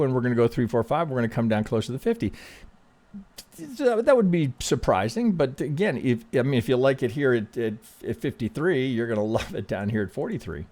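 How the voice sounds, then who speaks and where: A man hosting casual chart analysis, speaking in a calm, reassuring way, often restarting sentences and checking in with "right?". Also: mid-range voice. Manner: conversational, frequent restarts, ends thoughts with "right?". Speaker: trading analyst host.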